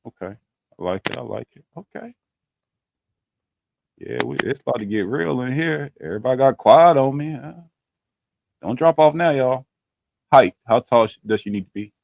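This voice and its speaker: A man's voice: mid-range voice, expressive, normal speed, vocal fry, long pauses, no echo, phone-quality sound. A playful man hosts a dating quiz for his friends, heard over a video call. His voice sits in a middling range and comes through dry and close, with no room sound. He teases the others in loose slang. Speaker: podcast host running a dating quiz. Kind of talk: casual group chat on a video call.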